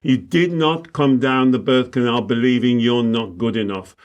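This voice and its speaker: A man's voice: mid-range voice, steady tone, moderate pace, clear, resonant tone, muffled recording. A man who works as a spiritual coach, teaching emphatically in conversation and acting out exchanges with clients. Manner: emphatic, acts out client dialogues.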